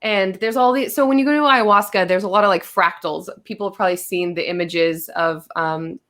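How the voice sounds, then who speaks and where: A woman's voice: mid-range voice, a little fast, a bit bright. A woman guest on a podcast, telling a long story in casual chat, acting out her own quotes with lots of fillers.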